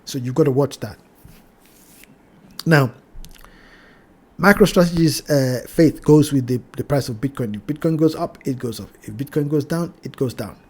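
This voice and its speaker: A man hosting a trading channel, walking through price charts in a cautionary tone, repeating his warnings and addressing viewers as ladies and gentlemen. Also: mid-range voice, normal speed, pauses often, slightly rough. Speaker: crypto trading channel host. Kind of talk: chart analysis talk.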